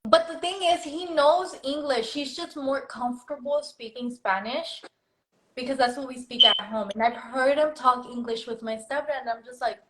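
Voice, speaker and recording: A young woman chatting casually as a guest, telling animated stories and slipping between English and Spanish. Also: high voice, moderate pace, a little hiss or hum, rough recording. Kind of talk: casual chat.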